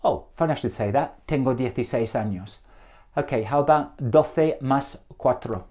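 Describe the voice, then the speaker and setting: Students repeat Spanish numbers after a middle-aged teacher who has an English accent. He speaks at a medium pitch and is brisk, encouraging and softly jokey.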